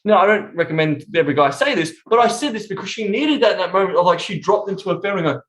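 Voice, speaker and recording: A man's voice: high-pitched, lively intonation, quick pace. A man chatting on a podcast in a blunt, emphatic way, swearing constantly. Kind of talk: casual podcast chat. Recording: roomy echo.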